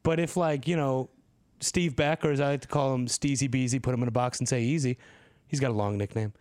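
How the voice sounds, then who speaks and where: A man's voice: medium pitch, steady tone, fairly quick, darkish tone, dry recording. A man co-hosting a podcast, telling rambling, jokey stories in casual banter. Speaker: podcast co-host.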